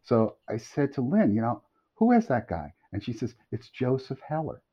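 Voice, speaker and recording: Middle-aged male podcast guest, lively storyteller, swings pitch a lot, dull lo-fi sound. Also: normal speed, slightly rough. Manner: animated, laughing storyteller. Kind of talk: storytelling anecdote. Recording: dull lo-fi audio.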